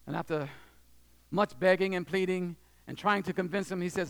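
A man with a notably high voice preaches in a church, telling his story with drama. He swings between hushed, low passages and loud, raised ones, and he acts out the people in it. He breaks off now and then to ask the congregation whether they are listening. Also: animated, brisk, creaky. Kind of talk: sermon storytelling. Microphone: handheld or stand microphone.

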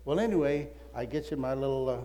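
An older man, a literature evangelist, telling a lively personal testimony story that swings between excited outbursts and hushed asides. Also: mid-range voice, fast talker. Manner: animated storyteller, voices his wife and prayers, excited swings. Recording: long hall reverb, faint music.

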